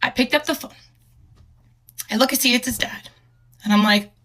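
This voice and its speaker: Bright-voiced young woman, halting and earnest. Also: on the high side. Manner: halting, hesitant, with many fillers and restarts; emotional, earnest. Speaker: storyteller. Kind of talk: casual personal storytelling.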